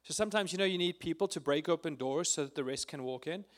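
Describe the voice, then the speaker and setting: Guy with a higher voice giving a tearful testimony, earnest and halting, lots of ums. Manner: earnest, emotional, with frequent fillers. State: tearful at times. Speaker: speaker at a prayer meeting. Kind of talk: informal testimony and prayer.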